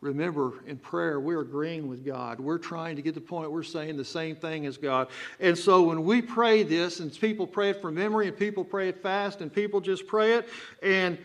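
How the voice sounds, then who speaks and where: A man's voice: a little high, normal speed, fairly bright tone. A man with a Texan accent, preaching a sermon as pastor and breaking into emphatic, rising outbursts. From Texas. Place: church sanctuary.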